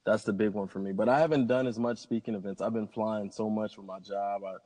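Guy, a pilot, chatting upbeat and rambly, lowish voice, lots of hall echo. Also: fairly even intonation, fast, mellow. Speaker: pilot and interview guest. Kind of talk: casual interview conversation. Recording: long hall reverb.

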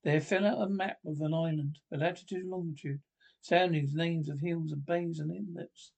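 A man reading a classic adventure novel aloud, in a halting way with restarts and slips. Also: on the high side, fairly even intonation, gravelly, a little mellow, breathy edge. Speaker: audiobook reader.

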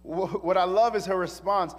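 A man preaching a sermon as pastor, animated and casual, full of slang and rhetorical questions. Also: high voice, normal speed. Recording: echoey hall reverb.

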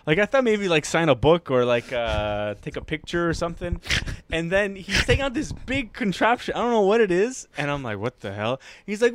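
A man chats on a podcast, telling an animated story and breaking into laughter. His voice sits a little high and swings widely in pitch. The sound is dry and close. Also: fairly quick, dry recording. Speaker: podcast host. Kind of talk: casual chat.

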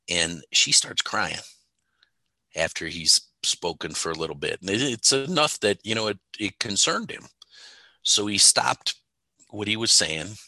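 In a relaxed theology conversation, a Bible teacher and co-host tells emphatic stories and breaks into frequent laughter. He has a deep voice with a bright, forceful tone, recorded with no room sound.

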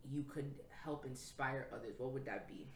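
A woman with a low voice hosts a podcast and talks in a heartfelt, casual way. The room adds a noticeable echo, and faint noise sits underneath. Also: moderate pace. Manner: affirming, frequent "correct". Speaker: podcast host.

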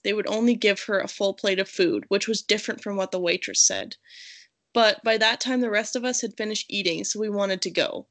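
A woman's voice: mid-range voice, steady tone, brisk, a bit bright. A woman co-hosting a casual chat, reading restaurant reviews aloud and laughing between lines. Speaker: podcast co-host reading reviews.

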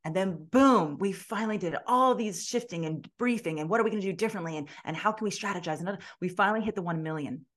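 A woman speaks as a podcast guest, telling her story in a casual interview. Her voice sits a little low. She is emphatic and moves from hushed moments to loud ones. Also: quick pace, hardly any pauses. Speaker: guest, business owner and coach.

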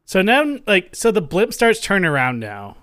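High-pitched man chatting about a movie. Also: wildly swooping pitch, moderate pace, a bit bright, no room sound, studio quality. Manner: retells scenes by acting out bits of dialogue. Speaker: podcast co-host. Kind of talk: casual movie-discussion chat.

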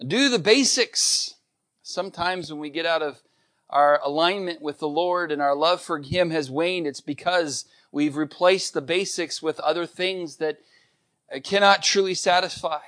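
A man's voice: fairly high pitch, unhurried, fairly bright tone. A middle-aged man preaching a sermon, earnest and emphatic, repeating key points. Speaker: pastor.

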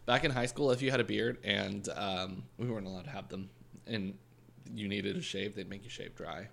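A young man co-hosting a podcast, chatting casually with a gravelly, fry-laden voice. His tone is bright and forward, and he rattles off plugs in a smooth announcer cadence. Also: on the low side, steady tone, normal speed. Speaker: podcast co-host. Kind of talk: casual chat.

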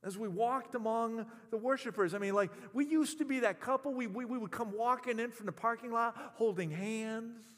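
A man's voice: very high voice, moderate pace, hardly any pauses, fairly bright tone, big-room sound. A man preaching a sermon in an impassioned, conversational way, often repeating words as he speaks. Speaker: pastor.

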